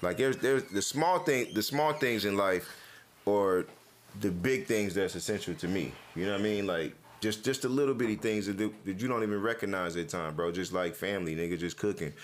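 A man with a lowish voice chats casually with a friend. He tells stories in loose slang and curses freely, jumping into the voices of the people in them. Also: brisk. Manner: animated storyteller, acts out quotes, slangy and profane. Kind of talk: casual chat.

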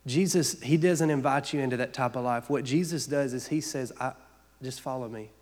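A man's voice: mid-range voice, a little fast, a little mellow. Man, pastor, sermon, earnest, conversational, repetitive phrasing, long hall reverb.

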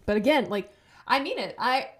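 A woman's voice: fairly high pitch, animated, moderate pace. A young adult woman co-hosting a podcast, giving blunt, emphatic opinions in casual chat. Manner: blunt, emphatic opinions with frequent agreeing interjections. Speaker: podcast co-host. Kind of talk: casual movie recap chat.

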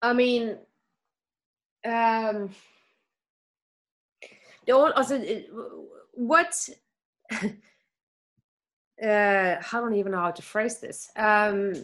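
A woman's voice: fairly high pitch, slow, long pauses. A woman in a candid conversation, searching for words at first, then speaking earnestly and reassuringly. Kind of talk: candid conversation about grief.

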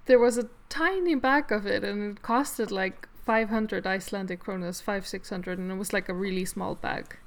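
A woman's voice: medium pitch, moderate pace, few pauses. A woman co-hosting a podcast in casual chat, chatty and laughing often. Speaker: podcast co-host.

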